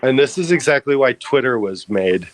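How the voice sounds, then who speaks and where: A man guesting on a podcast, adding wry, quick interjections to casual chat. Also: mid-range voice, lively intonation, faint music behind.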